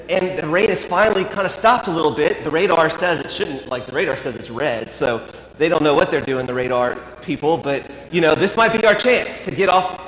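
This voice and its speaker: A man's voice: fairly high pitch, a bit bright, slight background noise. A man, a priest, telling a humorous story in a sermon with dry, wry asides. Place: church. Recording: echoey church with long reverb.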